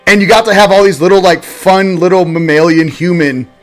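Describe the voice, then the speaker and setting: Man host, casual livestream, high-ish voice, rambling and jokey, loud-then-quiet delivery, faint music under it. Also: steady tone, brisk.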